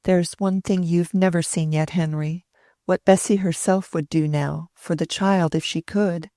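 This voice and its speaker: A woman's voice: lowish voice, fairly even intonation, a little slow, mellow, no room sound, clean studio sound. Haughty older society woman, pointed and cool; woman narrator puts her on.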